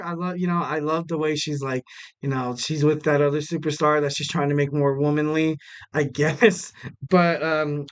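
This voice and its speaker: A young man hosts a casual wrestling recap podcast. His voice sits a bit high and comes across smooth and clean. He rambles through the action with fillers and little jokes at his own expense. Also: fairly bright tone. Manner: rambling, many fillers and self-corrections; jokey, laughs at himself. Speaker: podcast host.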